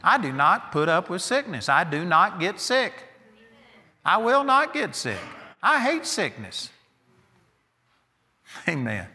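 A man's voice: sits high, sing-song, takes it slowly, long pauses, bright, forceful tone, in a large hall. A man preaching a sermon, emphatic and insistent, hammering his points with repeated declarations.

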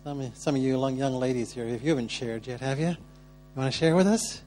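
Male workshop leader, warm-hearted and encouraging, mid-pitched, slight hum. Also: fairly quick. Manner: gentle and encouraging, upbeat when calling on people. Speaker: teacher leading a church workshop. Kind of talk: guiding prayer and group sharing.

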